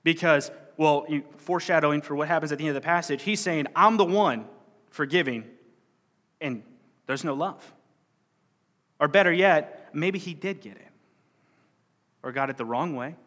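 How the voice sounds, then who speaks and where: Pausing often at a moderate pace, a man with a fairly high, fairly bright voice teaches a Bible parable in a large hall. His sermon-style delivery is loose and conversational, and he acts out what the people he quotes say.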